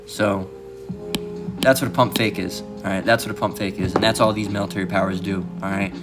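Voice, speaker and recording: A man with a lowish voice talks in a loose, rambling way. He keeps checking in with "all right?" as he explains, and now and then shifts higher to mock someone. Guitar music plays clearly behind him. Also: fairly even intonation, brisk. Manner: rambling, fills with "all right" and "you know"; mimics others in a raised mocking voice. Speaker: channel host. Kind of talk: casual rambling commentary.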